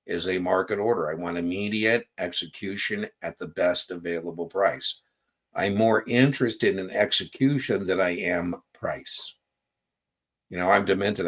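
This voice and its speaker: A man coaching exam takers on a live stream. He talks casually, often asks "right?", and tells stories from his own life as examples. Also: low voice.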